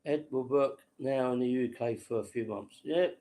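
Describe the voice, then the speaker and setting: A man's voice: medium pitch, moderate pace, mellow. A man hosting a casual late-night livestream, rambling to viewers by name and laughing at his own stories. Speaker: livestream host.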